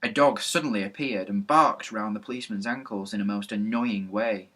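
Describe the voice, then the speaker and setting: A man reading a children's storybook aloud, narrating in a lively, even manner. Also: on the low side, a little fast. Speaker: reader.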